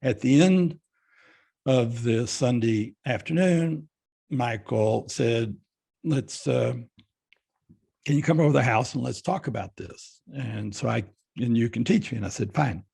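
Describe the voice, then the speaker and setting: Older man, gravelly, husky, mellow tone, blunt storyteller. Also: mid-range voice, unhurried. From Fort Worth, Texas. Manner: blunt, animated storyteller acting out both sides of a dialogue. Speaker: guest speaker. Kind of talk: storytelling interview.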